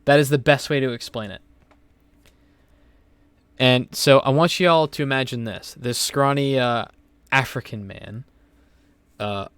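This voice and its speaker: A young man hosts a casual podcast. His voice sits at an ordinary middle pitch, and the sound is dry and close. He tells rambling stories full of fillers and swearing. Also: measured pace, long pauses, fairly bright tone, clean tone, no echo. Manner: rambling, profane storytelling with many fillers. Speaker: podcast host.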